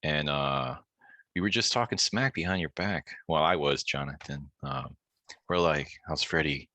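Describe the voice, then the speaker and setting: A man hosting a group video call, chatting in a relaxed way and laughing as he retells a story. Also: rumbling low, unhurried, dry recording. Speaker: host of an online practice group. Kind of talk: casual video-call chat.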